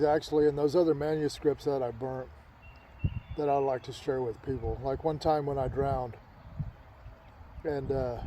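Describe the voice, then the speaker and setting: A man tells a personal story, his voice slightly raised in pitch yet dark and mellow in tone. He rambles, repeats himself and restarts sentences as he goes. Faint traffic and outdoor noise sit behind him. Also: highs cut off. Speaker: author telling a childhood story.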